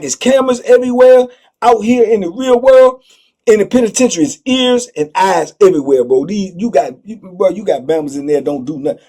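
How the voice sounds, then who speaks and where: An excitable male storyteller, talking in slang and tossing in asides constantly. His voice is husky, with a mellow, dark tone that sits a bit high for a man. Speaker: storyteller host. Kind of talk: animated prison storytelling.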